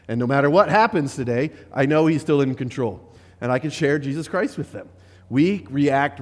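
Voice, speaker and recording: A man preaches in a church with a long, ringing reverb around his voice. His voice sits a little high for a man, and he talks in an easy, conversational way. He restarts his phrases and checks in with the congregation as he goes. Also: a little mellow. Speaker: missionary pastor. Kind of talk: sermon. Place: church sanctuary.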